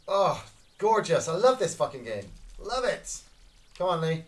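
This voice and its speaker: A Scottish man streaming a shooter game and talking through it in loose, casual commentary. His voice sits a little high and leaps around constantly as he swears and whoops at every kill. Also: a little slow. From Scotland. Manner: excitable, swearing, reacting loudly to kills. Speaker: gaming streamer. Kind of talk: casual live gameplay commentary.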